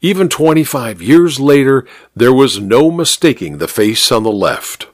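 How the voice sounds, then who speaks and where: A man narrating a radio mystery story with an expressive, measured reading. His pitch moves a lot, and the sound is dry and close. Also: dry recording.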